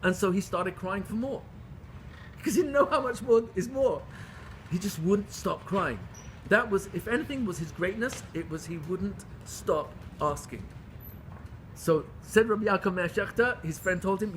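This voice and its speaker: A man teaching a Torah class to a group. He questions his listeners and swings between loud pleading and hushed intimacy. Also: high-pitched, animated, moderate pace, slight background noise. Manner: questions the audience. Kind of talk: Torah lecture to a live group.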